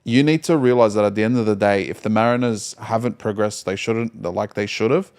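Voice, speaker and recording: A man's voice: lowish voice, a little fast, darkish tone, smooth. A man co-hosting a casual football podcast, blunt and argumentative, teasing his co-host.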